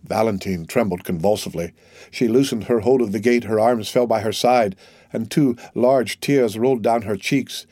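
A man's voice: fairly low pitch, warm tone, no echo, studio quality. A man narrating a classic novel. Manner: measured, formal reading. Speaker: audiobook narrator.

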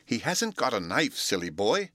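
A man's voice: mid-range voice, big pitch swings, moderate pace, bright, forceful tone, no echo, clean studio sound, voice pushed up. A man reading a storybook aloud, voicing a sensible young girl who scolds in a prim way. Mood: scolding.

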